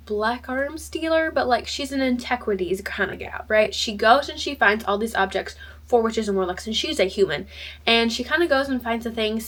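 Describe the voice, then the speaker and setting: A woman's voice: fairly high pitch, a bit bright. A young woman chatting casually in a book vlog, bubbly and rambling, with many fillers and restarts. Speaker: book vlogger. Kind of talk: casual chat.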